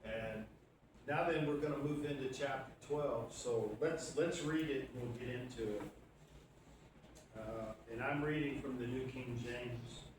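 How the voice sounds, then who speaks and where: Male pastor, mid-pitched and conversational, recorded from afar in a boomy sanctuary. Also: a little slow. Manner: conversational, with fillers and questions to the congregation. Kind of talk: sermon, Bible teaching. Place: church sanctuary. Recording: echoey church room from far off, audible background noise.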